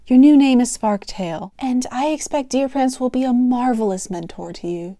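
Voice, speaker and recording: Woman voicing a fox pack leader, calm measured voice, mellow, dry close sound. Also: a little high, dry recording, close to an everyday voice. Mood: solemn.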